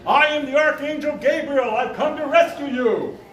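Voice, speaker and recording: A man voicing a wild-eyed stranger who proclaims himself an archangel, in slow, booming declarations. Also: a bit bright. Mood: grandiose. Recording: roomy live sound from far off.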